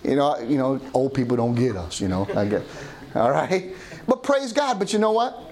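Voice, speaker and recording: A man's voice: mid-range voice, very animated, normal speed, a crowd in the background. A middle-aged man preaching a sermon as pastor, often calling out "Amen?" to the congregation. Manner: call-and-response preaching, asking "Amen?".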